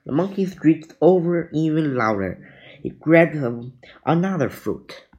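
A man reading a children's adventure book aloud, deliberate with small slips. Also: on the high side, big pitch swings, a little mellow, lo-fi sound. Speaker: reader.

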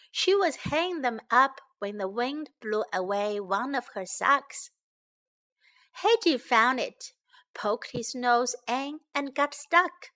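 Woman storyteller for kids, slow and clear, bright tone. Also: a little high. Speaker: children's story reader and English teacher. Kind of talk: bilingual storytelling for children.

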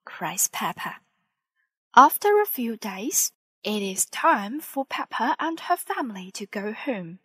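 Woman storybook narrator, expressive, unhurried, lively rise and fall. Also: medium pitch, no room sound. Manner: expressive and clear. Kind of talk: children's storybook reading.

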